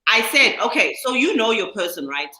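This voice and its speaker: A woman hosting a podcast in casual chat, animated and laughing often as she reads from articles. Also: a little high, brisk. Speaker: podcast host. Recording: roomy echo.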